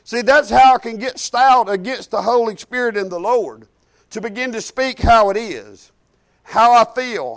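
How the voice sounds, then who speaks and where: A man preaching a sermon and telling a testimony, building up to emphatic, shouted lines. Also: very high voice.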